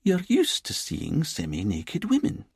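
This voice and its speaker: A man's voice: fairly high pitch, wildly swooping pitch, unhurried, gravelly, a little mellow, slightly rough, no room sound, clean studio sound, voice pushed up, heavily acted. A man reading a playful Edinburgh woman in her early forties, lilting and teasing, in an audiobook.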